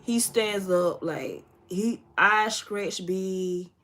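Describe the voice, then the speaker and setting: A woman's voice: medium pitch, extremely slow, fairly bright tone. A woman in her thirties telling a story casually to her viewers while doing her makeup, talking straight to them and cursing freely. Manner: chatty, addresses viewers as y'all, profane. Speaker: beauty vlogger.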